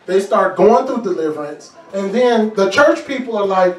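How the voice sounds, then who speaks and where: A high-pitched man preaches deliverance with lively energy and humorous asides. His voice rings through a reverberant church hall, picked up from a distance with faint music underneath. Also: normal speed. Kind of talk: deliverance sermon. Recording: echoey room, mic far off, faint music.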